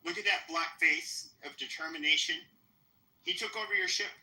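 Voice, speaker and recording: Sharp, taunting man ranting on a podcast. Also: a little high, moderate pace. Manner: profane, taunting, repetitive. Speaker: podcast host. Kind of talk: confrontational live-stream rant. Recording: roomy echo.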